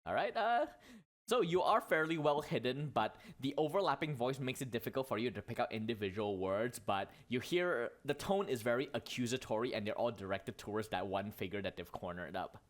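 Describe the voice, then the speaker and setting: A man runs a tabletop game as dungeon master, narrating the scene in a chatty, easygoing voice. He trips over his own words and corrects himself as he goes, and his voice sits at an ordinary middle pitch. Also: animated, fairly quick. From Malaysia. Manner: chatty, with self-corrections and laughs.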